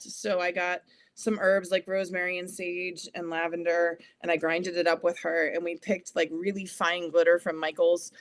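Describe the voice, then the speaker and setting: A woman's voice: on the low side, flat delivery, moderate pace, dry recording. Chatty woman psychic guest. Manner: chatty, many "like" fillers, acts out children's voices. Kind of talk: casual interview chat.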